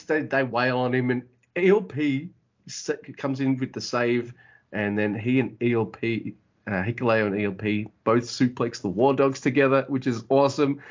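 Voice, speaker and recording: A man with an average-pitched voice recaps a match for a podcast, casual and full of uhs and likes. He curses cheerfully when something impresses him. The sound is dull and lo-fi. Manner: enthusiastic, filler-heavy, swears casually. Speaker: podcast co-host.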